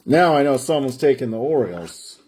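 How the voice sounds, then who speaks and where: A man's voice: mid-range voice, expressive, brisk, a little mellow, husky. A man hosting a live card break stream, chatting casually and drawing out player names as he opens packs. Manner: chatty, rambling, drawls out player names while opening packs.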